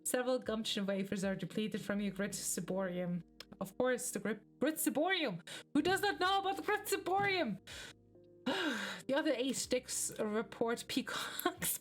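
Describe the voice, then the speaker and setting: A woman's voice: a little high, lively intonation, moderate pace, faint music behind. A woman streamer casually reading a webcomic aloud, breaking off now and then to laugh and react with swearing.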